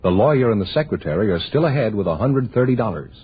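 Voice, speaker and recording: A man's voice: fairly low pitch, lively intonation, quick pace, slight background noise. A man working as the announcer of a 1950s radio quiz show. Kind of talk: announcing and reading a car-dealer commercial. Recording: old radio broadcast, tinny and narrow.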